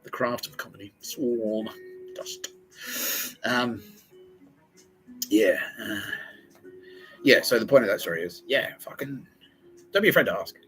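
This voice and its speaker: Jokey sweary guy in his 40s, low-ish voice, bright tone, faint music behind. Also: a little slow, long pauses, low-quality recording. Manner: profane, jokey, rambling. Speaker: podcast host. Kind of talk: casual solo podcast monologue.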